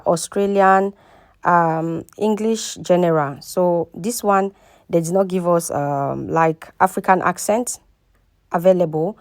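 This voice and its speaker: A woman with a lowish voice hosts a casual screen-recording tutorial, walking through it step by step on a dry, clean studio recording. She repeats herself often and keeps checking in with the viewer.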